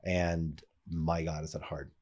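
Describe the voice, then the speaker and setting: Guest, male, very low pitch; earnest, reflective, loose conversational delivery with restarts. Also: little pitch movement, slow, darkish tone, breathy edge. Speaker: podcast guest. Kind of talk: casual conversation.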